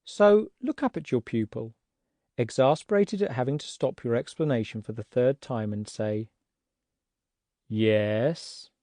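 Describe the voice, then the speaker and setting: A man's voice: mid-range voice, expressive, warm tone, dry recording. Patient man teaching a language lesson. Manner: slow, patient, demonstrates tones with exaggerated example words.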